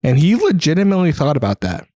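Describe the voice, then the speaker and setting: Young male podcast co-host; lively, laughing storyteller, dry close mic. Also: on the high side, quick pace, no echo. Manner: animated, laughing storyteller, swears a lot. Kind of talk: casual chat.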